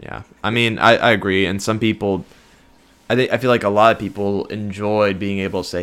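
A man's voice: fairly low pitch, fairly even intonation, a little fast, fairly bright tone, clean tone. A man co-hosting a podcast in casual chat, agreeable, nodding along with short replies and plain opinions. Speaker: podcast co-host.

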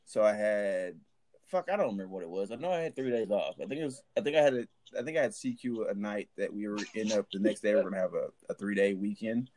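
A man's voice: fairly low pitch, fast talker, darkish tone. A man, a former army sergeant, telling a barracks story in a rambling, profane way full of restarts. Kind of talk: casual storytelling chat.

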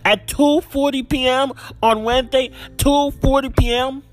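A man's voice: extremely high pitch, fairly even intonation, moderate pace, soft background music. A man hosting a solo football picks podcast, ranting in exasperation and repeating himself. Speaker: podcast host.

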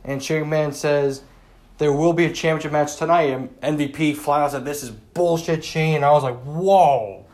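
A man with a slightly high voice recaps a wrestling show in a loose, rambling way. He sounds exasperated and keeps saying "like" and "you know" as he goes. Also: flat delivery, fairly quick. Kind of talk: casual commentary recap.

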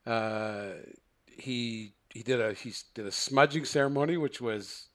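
A man speaking at an ordinary middle pitch tells a long personal story as an interview guest. He rambles and restarts his sentences, acting out the voices of people in the story. His tone stays casual and conversational. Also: a little slow, a bit bright. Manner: rambling, self-correcting, acts out quoted dialogue. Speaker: guest, therapist.

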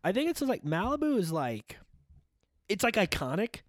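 A man's voice: high voice, sing-song, moderate pace, no room sound, studio quality. A young man from southern California in casual chat, rambling and full of "like" and restarts. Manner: rambling, filler-heavy, many restarts with "like".

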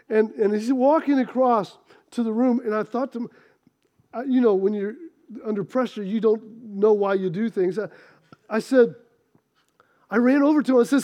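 A man preaching a sermon, telling stories with animated swings from loud outbursts to quiet asides. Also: sits high, moderate pace. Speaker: pastor.

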